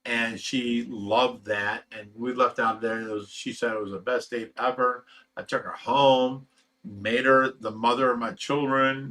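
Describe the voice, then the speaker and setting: A middle-aged Ohio man hosts a casual livestream for a fish rescue channel, reading live chat and telling rambling, emotional personal stories packed with fillers. His mid-range voice is steady and sharp in tone, a little slow.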